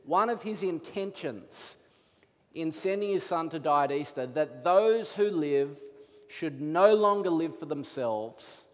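A man in his thirties preaches from the pulpit, his voice sitting a little higher than most men's. His delivery is lively, and the sound carries a long reverb from a large hall. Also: unhurried. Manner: animated storytelling, acts out his children's voices. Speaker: pastor. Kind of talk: sermon.

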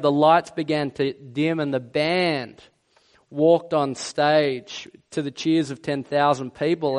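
Earnest pastor, higher-pitched man. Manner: earnest, slows down to stress key words. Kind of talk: sermon.

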